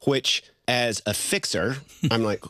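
A middle-aged man telling marriage stories in a conversational way, animated and laughing often as he acts out quotes. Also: mid-range voice, takes it slowly, dry recording. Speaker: guest speaker on marriage. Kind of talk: conversational storytelling.

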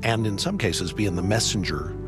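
Deep raspy radio host guy, dry mic, faint music behind. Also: moderate pace. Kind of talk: broadcast hosting. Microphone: studio microphone.

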